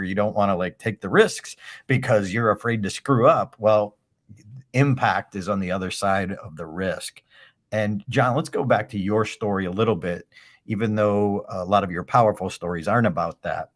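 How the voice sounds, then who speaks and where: A man's voice: fairly low pitch, a bit bright. A man hosting a podcast, chatting casually with his guest in an enthusiastic, rambling way. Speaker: podcast host. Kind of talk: casual interview chat.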